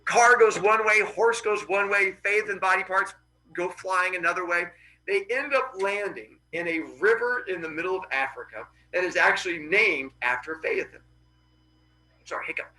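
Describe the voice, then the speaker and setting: A man hosting a podcast, casually retelling Greek myths with animated voices for the characters. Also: high-pitched, normal speed, roomy sound, distant mic, low-quality recording. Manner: animated, acts out characters' cries. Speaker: podcast host.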